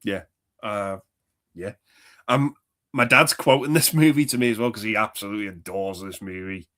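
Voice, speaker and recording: A man's voice: lowish voice, normal speed, bright, forceful tone. A man co-hosting a casual film chat, rambling, quoting movie lines and laughing often. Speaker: podcast co-host.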